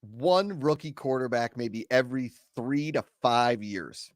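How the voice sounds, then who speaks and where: A man hosting a casual talk show, animated and joking, with quick reactions. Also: mid-range voice, no room sound, clean studio sound. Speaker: host. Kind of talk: casual chat.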